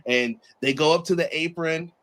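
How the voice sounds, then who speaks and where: A man hosting a podcast, reviewing a wrestling show in a casual chat and acting out the wrestlers in quick put-on voices. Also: a little high, fairly bright tone. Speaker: podcast host.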